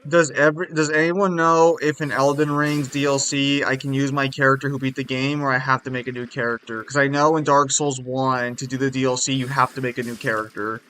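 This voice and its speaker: A young man streaming a video game, chatting excitably and swearing a lot. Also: mid-range voice, a little fast, hardly any pauses. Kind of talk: casual gaming stream chat.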